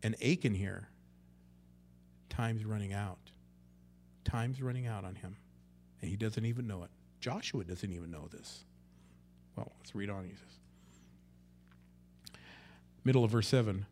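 A male pastor preaching a conversational sermon, swinging between loud emphasis and hushed asides, and acting out quotes in character voices. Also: medium pitch, normal speed, long pauses.

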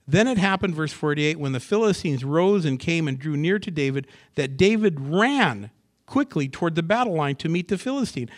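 A man preaching a sermon to a church assembly, reading scripture aloud and commenting on it, dropping to hushed asides and rising to excited bursts. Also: on the high side, normal speed. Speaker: pastor.

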